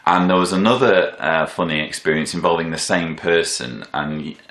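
A man in his thirties telling personal stories in a thoughtful, halting way, full of fillers and restarts. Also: low-pitched, a bit bright. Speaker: vlogger. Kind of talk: reflective personal storytelling. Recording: echoey room.

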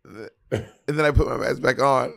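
A gravelly, medium-pitched male voice at normal speed belongs to a podcast co-host in casual chat. He tells stories animatedly, acting out plenty of quotes and trading crude, teasing banter.

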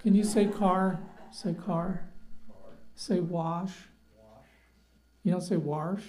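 A man's voice: high voice, flat delivery, takes it slowly, dark tone, low-quality recording. A middle-aged man from New Jersey with a light North Jersey accent, telling rambling, self-deprecating stories between songs at a live show. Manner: wry, rambling storyteller with self-deprecating asides. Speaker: doctor and singer-songwriter on stage. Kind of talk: stage banter between songs. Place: live music venue. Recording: guitar faintly behind.

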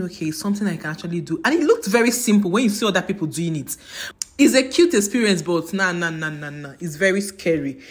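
A woman, retelling her experience in a casual vlog with dramatic, emphatic repetition. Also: on the low side. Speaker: travel vlogger.

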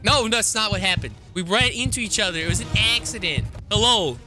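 A man doing goofy, loud commentary while playing an online game, joking around and putting on mock ad voices. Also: sits high, animated, a little fast, hardly any pauses, faint music behind. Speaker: gaming YouTuber.

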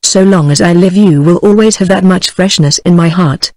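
A woman's voice: on the low side, normal speed, no room sound, clean studio sound, lightly acted. A British-accented text-to-speech woman's voice reading the lines of an earnest, solemn young man in love, with no change of voice. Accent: British English. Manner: flat synthetic delivery, no voice change.

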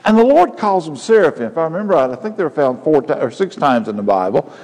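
A male pastor preaching a sermon, building to loud emphatic peaks. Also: fairly high pitch, very animated, fast talker. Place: church sanctuary. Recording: church hall with long reverb.

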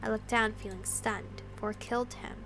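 A woman plays a visual novel as a let's play, reading the narration aloud with emotion and tossing in giggly asides as commentary. Her mid-range voice stays steady at a moderate pace, with music underneath.

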